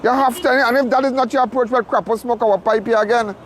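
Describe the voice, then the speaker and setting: A man's voice: very high voice, fairly even intonation, quick pace, slight background noise. A man reporting from a roadside crime scene, talking emphatically, repeating himself and restarting phrases. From Trinidad and Tobago. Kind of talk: impassioned on-the-spot commentary.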